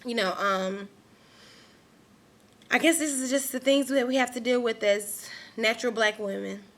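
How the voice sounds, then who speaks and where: A woman's voice: on the high side, normal speed, fairly bright tone. A young woman vlogging an angry rant to her camera, emphatic and repeating herself.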